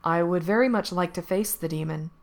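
A woman voicing a grave, kind young prince who speaks in a measured, solemn way. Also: fairly low pitch, natural voice. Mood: earnest.

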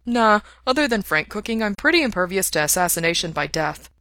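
A woman reading a steady, earnest young man. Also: mid-range voice, brisk, no echo, studio quality.

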